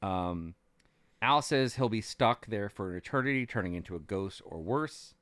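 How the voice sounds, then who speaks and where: A man co-hosting a podcast, retelling events casually with an animated storytelling manner and frequent ums. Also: on the low side, moderate pace, no room sound. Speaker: podcast co-host recapping as a cast member. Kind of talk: casual chat.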